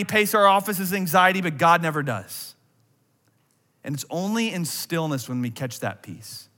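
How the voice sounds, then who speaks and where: A man in his thirties preaching a sermon as a pastor, animated, swinging from loud acted-out worry to a hushed voice. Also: fairly high pitch. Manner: animated, acts out anxious voices, drops to a hush. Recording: long hall reverb.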